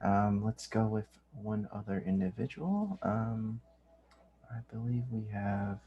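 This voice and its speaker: A man hosts a virtual graduation, politely introducing student speakers with hesitant fillers and apologizing about names. His voice is lowish with lively intonation, and he takes things slowly. The audio has the highs cut off and a little hiss or hum.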